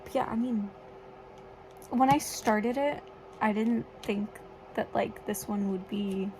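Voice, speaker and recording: A young woman talking casually in a reading vlog, chatty and filling her talk with "like," swearing when excited. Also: mid-range voice, slow pace, slight background noise, rough recording. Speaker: book vlogger.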